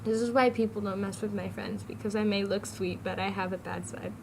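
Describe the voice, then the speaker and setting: A woman's voice: mid-range voice, flat delivery, a little fast, gravelly, noisy background. A teenage girl vlogging, chatty and giggly, jumping from topic to topic. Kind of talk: casual rambling vlog.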